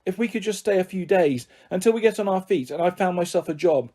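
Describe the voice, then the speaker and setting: A man's voice: on the high side, moderate pace, dark tone. A man voicing a timid young mother who speaks in a hesitant, shaky way.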